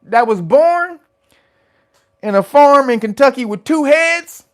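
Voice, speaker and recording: Guy ranting on his channel, high voice swinging all over, laughs a lot, loud outbursts. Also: takes it slowly. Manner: animated, profane, laughing often, loud exclamations. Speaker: host of a commentary channel. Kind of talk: casual news commentary.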